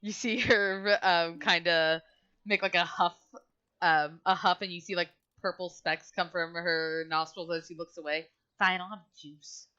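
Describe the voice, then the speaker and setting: A woman's voice: fairly low pitch, steady tone, unhurried, pushed and bright, clean tone. A woman game master narrating a tabletop game in a casual, chatty way. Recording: dull lo-fi audio.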